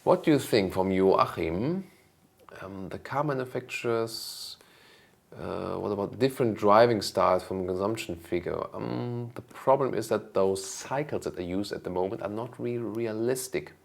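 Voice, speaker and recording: Guy answering car questions, low gravelly voice, lots of ums and pauses. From Germany. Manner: relaxed, thinking aloud with many ums. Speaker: car review host. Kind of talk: casual Q&A answering viewer questions.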